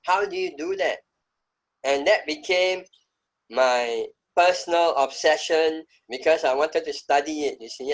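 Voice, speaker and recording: A man's voice: a little high, measured pace, low-quality recording. A middle-aged man speaking as an interview guest, telling his story in an emphatic, reflective way. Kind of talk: conversational interview.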